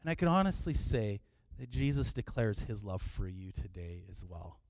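A man's voice: fairly low pitch, big pitch swings, normal speed, darkish tone, no echo. Conversational pastor man preaching. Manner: conversational, repeats words when restarting. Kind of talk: sermon.

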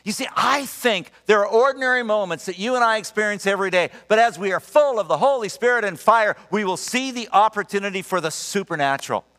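A middle-aged man preaching a sermon, telling stories in an animated, emphatic and earnest way. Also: high-pitched, a little fast, hardly any pauses. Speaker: pastor. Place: church sanctuary. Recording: long reverb of a large church hall.

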